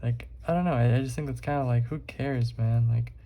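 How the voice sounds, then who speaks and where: A man's voice: medium pitch, fairly quick, dark tone. A young man vlogging while he draws, rambling casually with lots of fillers and swearing. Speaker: art vlogger.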